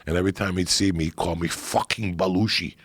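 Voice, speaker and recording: A middle-aged man telling profane stories in a casual chat, getting animated as he goes. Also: sits low, fast, no echo.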